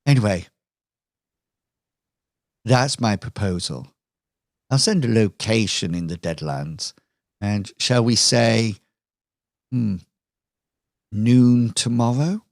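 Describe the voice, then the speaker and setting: A man's voice: on the low side, no echo, studio quality. A man voicing a smug, scheming villainous woman who mocks and taunts her rivals in a tabletop game. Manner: taunting, drawn-out sly delivery.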